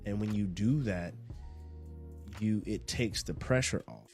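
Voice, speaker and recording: Male podcast host, lowish voice, relaxed rambling motivational talk, faint music bed. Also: a little slow. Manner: rambling, repeats and restarts phrases, laid-back. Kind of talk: casual motivational monologue.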